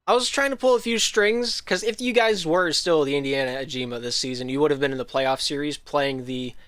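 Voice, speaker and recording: Livestream host, male, slight Southern American drift, bright, dry close sound. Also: medium pitch, dry recording. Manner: rambling, frequent ums and restarts. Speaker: league host. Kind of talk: casual livestream talk.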